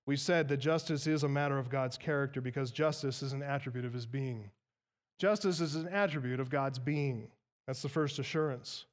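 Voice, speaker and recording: High-pitched guy preaching a sermon, emphatic, leans hard on the big words. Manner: emphatic, teaching with rhetorical questions. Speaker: pastor. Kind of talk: expository sermon.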